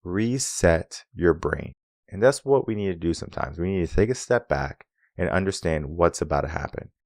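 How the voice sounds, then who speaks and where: A man with a very deep voice talks through relationship advice as a coach. The sound is dry and close. He drives his points home with rhetorical questions and acts out snippets of dialogue. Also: normal speed, no echo. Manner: acts out quoted dialogue in an animated way. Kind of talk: solo advice talk.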